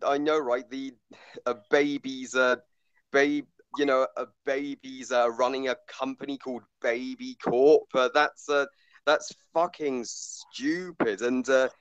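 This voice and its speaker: A man talks through a movie review in loose, halting sentences, stumbling over fillers and restarts while swearing bluntly. His voice is smooth and resonant, and the recording is close and dry with no room around it. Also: medium pitch, fairly even intonation, fairly bright tone, no room sound, highs cut off. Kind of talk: casual movie review chat.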